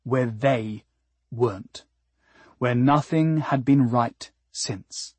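A man's voice: medium pitch, takes it slowly, darkish tone, breathy edge, no echo. A man reading a novel aloud as an audiobook narrator, with wry, dryly comic storytelling. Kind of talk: expressive scripted narration.

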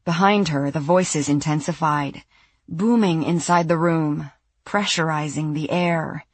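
Low, husky woman narrating a thriller. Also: fairly even intonation, no room sound. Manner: measured, tense storytelling. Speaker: audiobook narrator.

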